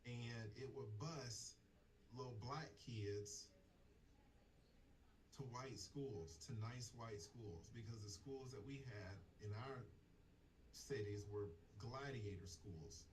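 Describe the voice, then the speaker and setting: A man's voice: medium pitch, takes it slowly, pauses often, slight background noise, low-quality recording. A man from Georgia in the US hosting a talk show and telling a personal story, posing rhetorical questions with emphasis. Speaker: host. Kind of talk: storytelling commentary.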